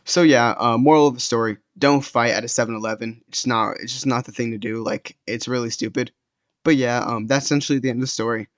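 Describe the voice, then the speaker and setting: A man's voice: medium pitch, steady tone, fast talker. A young man telling a story casually, rambling, with lots of fillers and restarts. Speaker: storytime vlogger.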